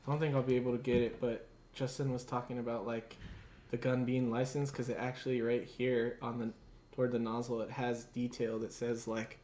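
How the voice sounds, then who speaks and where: A laid-back man chatting on a live stream as a guest. His talk rambles and trails off, with plenty of fillers. His voice sits at an ordinary middle pitch. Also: little pitch movement, fairly quick, a little mellow, a little hiss or hum. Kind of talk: casual live-stream chat.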